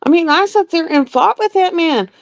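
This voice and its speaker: A woman's voice: very high voice, expressive, normal speed, no echo. A middle-aged woman, a nurse, chatting bluntly and with exasperation on a casual live stream. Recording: dull lo-fi dry live-stream audio.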